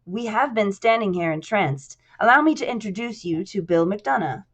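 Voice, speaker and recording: A woman voicing an authoritative male businessman with a measured, persuasive delivery. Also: mid-range voice, animated, slightly rough.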